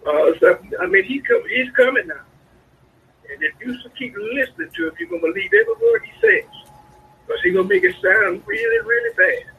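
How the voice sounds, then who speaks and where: A man preaching a sermon, a pastor calling out to his congregation with sudden high swoops in his voice. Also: very animated, normal speed, husky. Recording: lo-fi radio broadcast sound.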